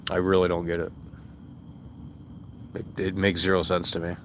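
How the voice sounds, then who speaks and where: A man's voice: sits low, monotone, normal speed, slight background noise. A young man streaming and reading chat aloud, blunt and exasperated, swearing freely and mocking comments in sarcastic voices. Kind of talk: casual live-stream chat.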